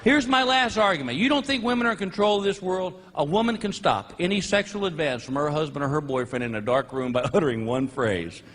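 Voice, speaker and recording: A man performing a stand-up comedy routine on stage, telling animated stories and acting out quoted voices. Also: fairly high pitch, a little fast, hardly any pauses. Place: stage before a laughing audience. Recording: live show with audience noise.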